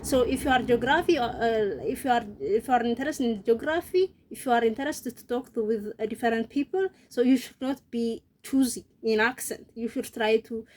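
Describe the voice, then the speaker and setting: A woman speaking English as a learner, in a casual, earnest vlog voice. Her pitch sits a little high, and she stumbles and restarts often, padding her talk with fillers. She sounds sincere as she hands out advice. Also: a little hiss or hum. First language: not English. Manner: halting, many fillers and restarts.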